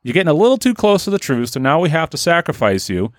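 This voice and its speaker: A man voicing a scheming rich elite woman with a sly, mock-sweet manner, raised above his own pitch. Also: sing-song, quick pace, dry recording, clean studio sound. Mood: menacing.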